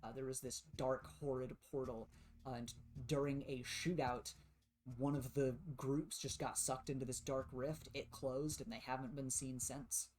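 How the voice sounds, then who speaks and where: A man's voice: mid-range voice, steady tone, normal speed, darkish tone. A man runs a tabletop game as game master, narrating casually. He rambles a little as he describes each scene. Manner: casual, many fillers and restarts.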